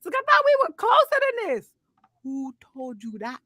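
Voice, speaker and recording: A woman in her thirties telling a story in casual, slangy chat, animated, laughing and swearing as she goes. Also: high-pitched, normal speed, no echo, clean studio sound. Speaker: podcast co-host.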